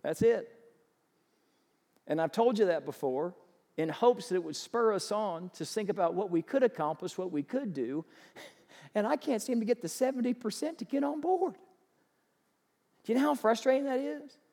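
A man preaching a sermon as pastor, animated and acting out excited sports fans. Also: high voice, moderate pace. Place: church sanctuary. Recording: long church reverb.

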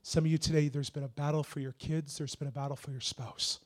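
High-voiced preacher man. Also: steady tone, fast. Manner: repetitive, building to shouted prophetic declarations; earnest and encouraging. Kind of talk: sermon and prophetic prayer.

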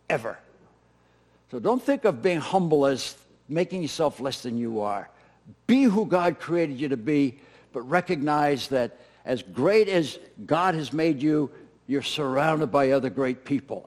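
A high-pitched man delivers a sermon with dramatic swings in volume, punching key words loudly and then dropping almost to a whisper. He mixes in self-deprecating humor and laughs at his own stories. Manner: dynamic delivery, swinging from loud emphatic peaks to soft near-whispers. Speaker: pastor.

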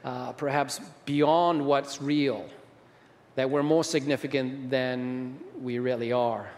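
A man's voice: medium pitch, fairly even intonation, takes it slowly, darkish tone. A man preaching a sermon as a pastor, talking with the audience and often asking them questions. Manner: conversational, asks the audience questions. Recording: long reverb of a large hall.

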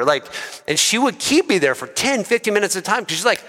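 A male pastor preaching in a conversational, lively way and asking the congregation questions. His voice is bright and slightly high, with long reverb from a large church hall. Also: brisk. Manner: lively and conversational, asks the crowd. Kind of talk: sermon.

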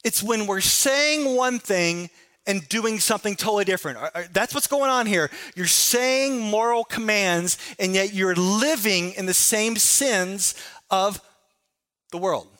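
Bright-voiced man preaching with emphasis. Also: high-pitched, unhurried. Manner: emphatic, swings between raised and hushed delivery. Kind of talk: sermon.

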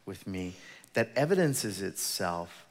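A man's voice: deep voice, very animated, slow, long reverb tail. A man preaching a conversational sermon as pastor, retelling scripture stories in casual everyday words.

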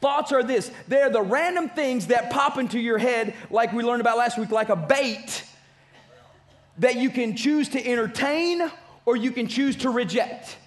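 High-voiced emphatic male preacher. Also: a little slow. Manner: emphatic preaching with repeated phrases. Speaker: pastor. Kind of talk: sermon.

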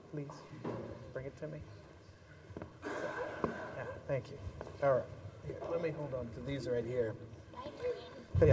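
A man leading a children's message in church, telling an animated, playful story with toys. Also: a little high, highs cut off, very noisy. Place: large church sanctuary. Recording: long church reverb.

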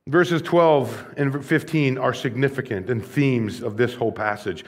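A man's voice: mid-range voice, animated, unhurried, few pauses. A man preaching a sermon, moving between conversational asides with light humor and more intense, rising delivery when he reads scripture and asks rhetorical questions. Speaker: pastor.

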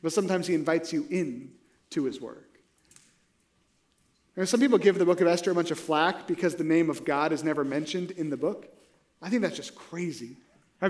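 A man preaching a sermon in a conversational way, often checking in with rhetorical asides. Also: extremely high pitch.

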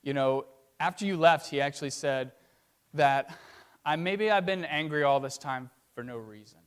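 Middle-aged pastor from virginia, preaching like he's just telling you a story, voice on the higher side. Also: moderate pace, fairly bright tone, clear, resonant tone. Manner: conversational storytelling with tag questions. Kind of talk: sermon.

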